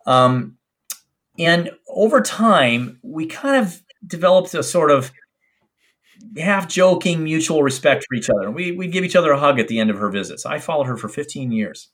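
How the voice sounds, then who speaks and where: A middle-aged man, a doctor, telling a personal story in an interview in an earnest, reflective, halting way. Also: a little high, animated, fairly bright tone. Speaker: infectious disease doctor.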